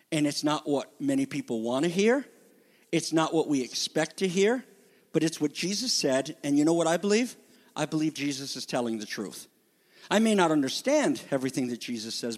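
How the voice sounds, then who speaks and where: A man preaching a sermon as pastor, moving from quiet, low scripture reading to loud, high emphatic declarations. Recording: long reverb of a hall.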